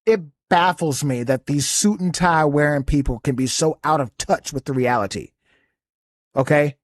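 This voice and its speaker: Blunt, high-voiced man ranting on a podcast. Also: dry recording, clean studio sound. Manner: blunt, profane, indignant. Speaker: podcast host reacting to a clip; soldier. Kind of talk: casual commentary rant.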